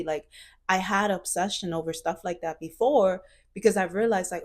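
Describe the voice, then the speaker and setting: A woman's voice: medium pitch, normal speed. A woman in her twenties talking earnestly in a reflective personal vlog, searching for words with fillers and restarts. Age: 20s. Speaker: vlogger.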